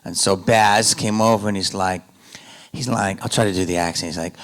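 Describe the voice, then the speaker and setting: Joking comedian on a convention panel. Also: male voice, deep voice, steady tone, fairly quick. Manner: loose, joking, swings from loud asides to quiet storytelling. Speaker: panel guest, actor and comedian.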